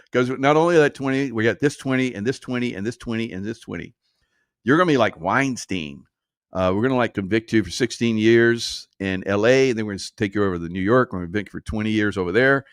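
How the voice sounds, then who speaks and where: A political commentary host offers casual, sarcastic commentary in a dry room, mocking his subject and chuckling often. His voice is on the low side with lively intonation, fast, and clean in tone with no echo.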